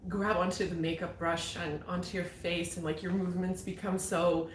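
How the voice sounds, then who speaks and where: A woman's voice: fairly low pitch, little pitch movement, normal speed, a little hiss or hum. A woman hosting a live talk show, chatting in an upbeat and encouraging way. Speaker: host. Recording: echoey room.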